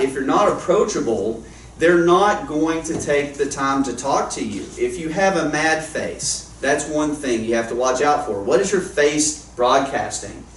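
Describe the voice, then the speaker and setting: Recorded from a distance in an echoey room with faint ambience and a bit of background noise, a man with a slightly high voice speaks as a guest worship leader. He rambles casually through humorous, self-mocking stories for the crowd.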